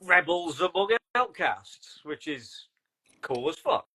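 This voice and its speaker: A man with a fairly high voice hosts a casual chat. His pitch swings a lot as he jokes and laughs with his guests. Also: big pitch swings, takes it slowly, gravelly, bright, forceful tone, husky. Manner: jokey, laughs often. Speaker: podcast host.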